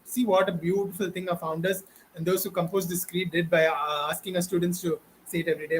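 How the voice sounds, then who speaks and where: Indian-accented man, high voice, fervent exhorting lecturer, faint hiss underneath. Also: fairly bright tone, poor audio. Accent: Indian English. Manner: preachy, exhorting, repetitive. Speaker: online educator. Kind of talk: impassioned direct-to-camera talk.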